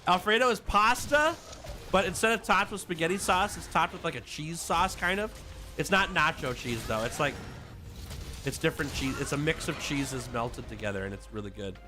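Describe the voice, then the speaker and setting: A man on a live game stream, joking with his chat in a light, fairly high voice. He laughs often and talks casually. Game music plays clearly behind him. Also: a little fast. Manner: playful, laughs often, reads chat aloud. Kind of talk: casual livestream chat with viewers.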